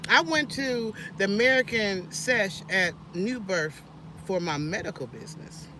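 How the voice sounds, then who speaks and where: A woman talks in a casual, preachy vlog, animated and sermon-like, often restarting her sentences. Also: medium pitch, a little slow, background noise. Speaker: vlogger.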